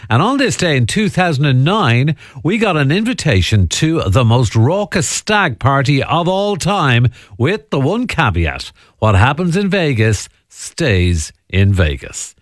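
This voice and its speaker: A man's voice: mid-range voice, very animated, a little slow, no echo, clean studio sound. A man hosting a chatty radio entertainment segment, laughing at his own asides. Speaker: radio host.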